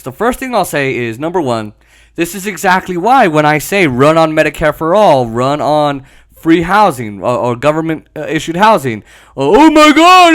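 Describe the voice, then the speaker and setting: A young man hosting a podcast, delivering a heated political commentary monologue with frequent swearing and self-aware laughs. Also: on the high side. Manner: animated, ranting, swears and laughs at himself. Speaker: podcast host.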